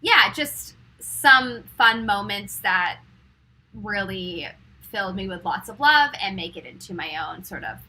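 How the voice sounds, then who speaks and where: A young woman hosts a live-stream meditation show, talking casually with her viewers and filling her sentences with little fillers. Her voice is bright and slightly breathy, and it turns soft and slow when she guides the meditation. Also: medium pitch, lively intonation, rough recording. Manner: chatty and giggly, many fillers.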